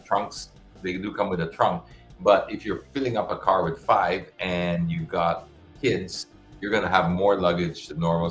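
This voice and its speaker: In a spacious, echoing room with faint music playing, a man hosting a live-stream Q&A responds to viewers in a very low, deep, slightly bright voice. He's casual and frank, often breaking off and restarting what he says.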